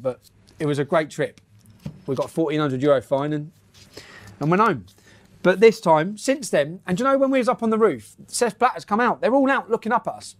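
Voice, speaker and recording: Blunt, laughing man, higher-pitched voice, casual storytelling. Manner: blunt, laughs often, swears freely. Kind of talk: casual storytelling and reading news aloud.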